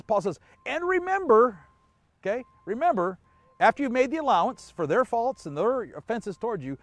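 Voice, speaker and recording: Lively, chuckling man preaching a sermon. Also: high voice, no room sound. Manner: conversational, chuckles often, rhetorical questions. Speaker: pastor. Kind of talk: online church sermon.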